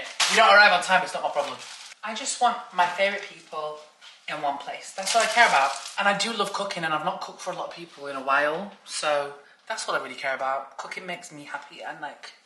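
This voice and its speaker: Chatty British woman vlogger, echoey room. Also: sits low. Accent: British English. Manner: chatty, bubbly, talks straight to viewers. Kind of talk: casual vlog chat. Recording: echoey room with background noise.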